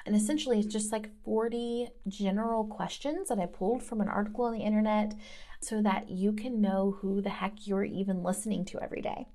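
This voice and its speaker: A woman's voice: medium pitch, steady tone, a little fast, mellow. A woman in her thirties from the American South, hosting in a casual, rambling chat style with many fillers. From Southern United States. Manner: chatty and rambling, lots of "like". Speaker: host.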